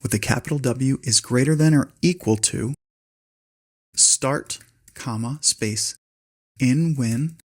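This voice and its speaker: A man hosting a spreadsheet tutorial, calmly dictating a long formula step by step. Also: medium pitch, slow pace, long pauses. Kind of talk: screen-recorded software tutorial.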